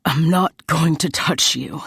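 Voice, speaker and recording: A woman reading an audiobook, voicing a young man who keeps his voice low and even. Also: slow pace, gravelly, slightly rough, no room sound, studio quality, heavily acted. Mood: puzzled.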